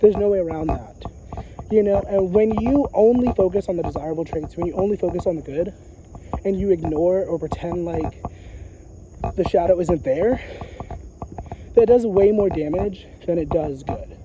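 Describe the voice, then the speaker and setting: A man's voice: sits high, moderate pace, highs cut off, background noise. A man talking in a casual, rambling monologue, emphatic and profane, circling back with repeated filler phrases. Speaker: psychic vlogger. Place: outdoors in a graveyard.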